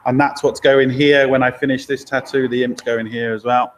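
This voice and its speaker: A man runs a casual live stream from his garage. He reads out viewer questions and answers in an easygoing, chatty way, laughing often and giving blunt opinions. His voice sits at an ordinary middle pitch. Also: little pitch movement, normal speed, a little hiss or hum. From Lincoln, England. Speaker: garage owner and mechanic.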